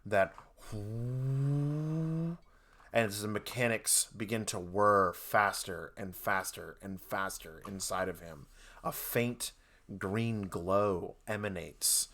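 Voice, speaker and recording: A man's voice: low voice, takes it slowly, sharp tone. A man narrating a tabletop game as game master, rambling with many fillers.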